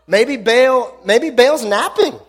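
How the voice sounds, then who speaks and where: A man voicing a calm, mocking prophet who teases slowly and dryly. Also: extremely high pitch, breathy edge, voice pushed up, exaggerated voice. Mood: lazy mockery. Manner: slow, laid-back teasing. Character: calm, mocking old prophet, dry and sarcastic.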